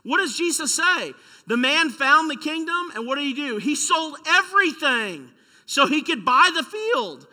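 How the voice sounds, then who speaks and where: A man preaching with a high, very bright voice, pressing his points with rhetorical questions and storytelling. A long hall reverb trails each phrase. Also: big pitch swings, measured pace. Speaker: pastor. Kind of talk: sermon.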